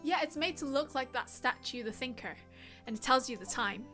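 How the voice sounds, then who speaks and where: A woman reading a gentle older sister. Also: high-pitched, fairly quick, faint music behind. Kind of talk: reading game dialogue aloud.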